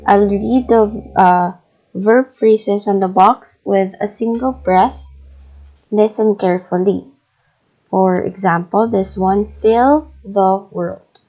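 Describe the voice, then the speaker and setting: A Filipino woman teaching an English lesson, patient and deliberate, with many fillers as she models phrases aloud. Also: mid-range voice, a little mellow, dull audio. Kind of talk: recorded classroom lesson.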